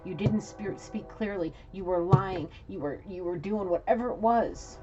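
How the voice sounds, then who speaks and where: Speaking at a normal pace in a warm, lowish voice, this New York City woman gives an intuitive reading straight to an absent person, scolding and frank, with frequent restarts. Soft music plays in the background of the dull, slightly noisy lo-fi audio.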